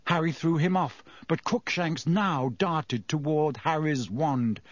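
A man reading a story aloud in measured scripted narration. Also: a little high, no echo. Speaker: audiobook narrator.

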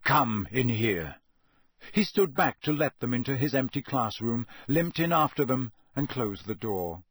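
A man reading a story aloud in a steady, measured narration. His voice is mid-pitched and husky. It is recorded close and dry, with no room sound. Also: no room sound. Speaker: audiobook narrator. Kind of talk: scripted narration.

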